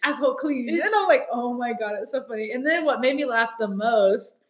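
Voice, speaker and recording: A woman co-hosting a podcast in casual chat, talking fast and laughing often as she acts out the people she describes. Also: a little high, echoey room. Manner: chatty, laughs often, quotes people in lively put-on voices. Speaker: podcast co-host. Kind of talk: casual chat recapping reality TV.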